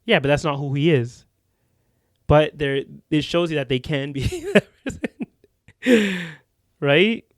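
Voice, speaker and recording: A man's voice: a little high, expressive, slow pace, pauses often, dry recording, clean studio sound. Young man arguing his point, casual. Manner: argumentative, talks in restarts and hedges. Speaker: podcast co-host. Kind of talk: casual chat.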